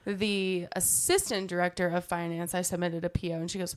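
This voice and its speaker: A woman's voice: fairly low pitch, lively intonation, brisk, few pauses. A woman co-hosting a podcast in casual, jokey chat. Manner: chatty, jokey asides. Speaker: podcast co-host.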